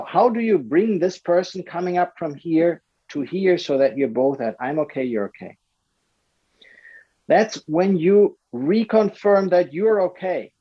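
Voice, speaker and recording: High-pitched guy coaching a group over a call, acts out little quotes, dull lo-fi sound. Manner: animated, acts out short quoted lines. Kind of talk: explaining to a group.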